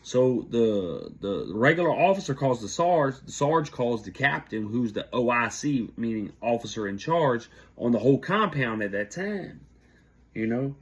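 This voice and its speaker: A man, casually telling stories about prison life and quoting people in a raised, animated voice. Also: a little slow, slightly rough. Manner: animated, jumps high when quoting others. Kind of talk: casual storytelling.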